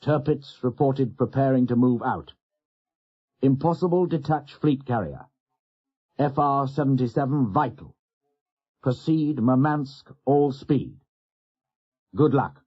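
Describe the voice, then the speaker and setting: Weary naval admiral, dry and measured, dull lo-fi sound, read by a man. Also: medium pitch, breathy edge, voice pushed up. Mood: reading flatly.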